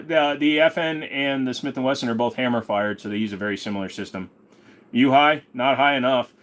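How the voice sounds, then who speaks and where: A male host in a casual livestream chat, laid-back, joking and profane. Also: medium pitch.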